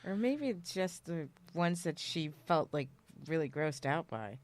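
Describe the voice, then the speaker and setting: A woman's voice: sits low, expressive, measured pace. A woman co-hosting a comedy podcast, offering dry, offhand suggestions. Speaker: podcast co-host. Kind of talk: casual comedy chat.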